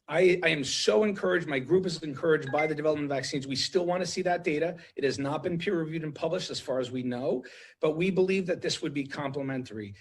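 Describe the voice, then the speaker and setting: A man's voice: fairly high pitch, a little hiss or hum. A man speaking as an intensive care doctor in a TV interview, urgent and emotional, repeating himself with many restarts. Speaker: ICU doctor guest.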